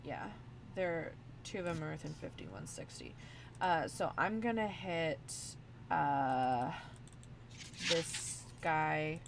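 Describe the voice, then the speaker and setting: A woman's voice: low-pitched, animated, takes it slowly, gravelly, noisy background. A woman playing a tabletop game who hesitates and thinks aloud about her moves. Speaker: player.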